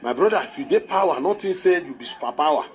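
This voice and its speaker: A man's voice: on the high side, expressive, quick pace. A man with a Nigerian accent giving a livestreamed political commentary, emphatic and scolding, repeating his points.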